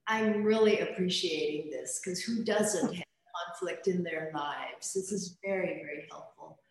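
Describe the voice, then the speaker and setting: A woman participant in a group call, asking a question slowly and deliberately. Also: lowish voice. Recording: echoey, distant from the mic.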